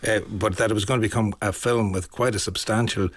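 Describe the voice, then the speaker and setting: Low-voiced interviewer. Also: male voice, steady tone, fast, no echo. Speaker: radio interviewer. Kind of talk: broadcast interview.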